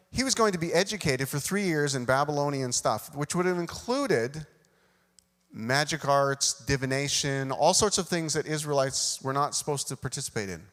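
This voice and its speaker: Storytelling pastor in a reverberant hall. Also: male voice, mid-range voice. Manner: self-deprecating, animated storyteller acting out dialogue. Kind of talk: sermon with personal storytelling. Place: church sanctuary.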